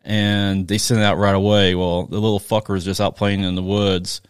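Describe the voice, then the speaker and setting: A man's voice: low voice, flat delivery, normal speed, clean tone, dry recording, studio quality. A man from Kansas co-hosting a podcast, blunt and casually profane as he tells stories. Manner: blunt, swears casually, storytelling. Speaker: podcast co-host. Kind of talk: casual chat.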